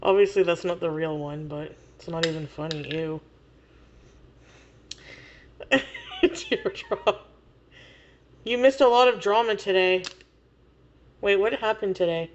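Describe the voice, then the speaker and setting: A woman's voice: fairly low pitch, a little slow, pauses often, dull audio, a little hiss or hum. A woman livestreamer chatting casually with viewers, laughing often and swearing freely.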